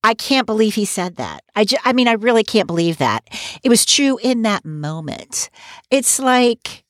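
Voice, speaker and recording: A woman's voice: on the high side, animated, moderate pace, dry recording, clean studio sound. A woman co-hosting a podcast, chatting casually and giving emphatic, opinionated takes with frequent asides. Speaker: podcast co-host. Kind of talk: casual recap chat.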